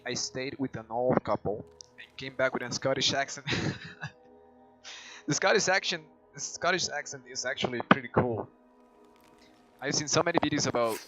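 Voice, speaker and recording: A man with a heavy Spanish accent chats casually while he streams a game, and he thinks aloud with restarts along the way. His voice sits at an average pitch. Game music plays clearly behind him. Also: bright, forceful tone, poor audio. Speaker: gaming streamer. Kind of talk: casual gameplay chat.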